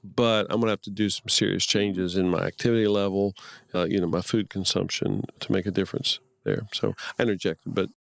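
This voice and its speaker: A man's voice: sits low, fairly even intonation, a little fast, creaky, no room sound, studio quality. A man speaking plainly and with emphasis in a casual faith discussion, often murmuring agreement. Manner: plain-spoken, emphatic, with frequent affirming murmurs.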